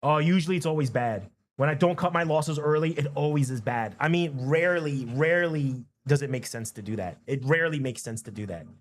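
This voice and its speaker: A man with a fairly high voice talks to himself as he trades options. He mutters numbers under his breath, repeats phrases over and over, and swings into loud, excited chanting. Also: fairly quick, few pauses, a little hiss or hum. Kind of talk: casual live trading commentary.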